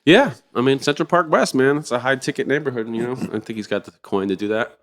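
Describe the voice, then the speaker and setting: A middle-aged man telling stories as a podcast guest in a rambling, animated way, swearing freely. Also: mid-range voice, fast. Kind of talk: casual interview storytelling.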